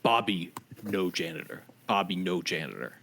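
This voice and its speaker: A man's voice: low-pitched, expressive, moderate pace, a bit bright, pitched below the performer's own voice, exaggerated voice. A man voicing Bobby, a simple male creature who speaks in short broken phrases, in a tabletop game. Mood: blunt. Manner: broken, clipped words.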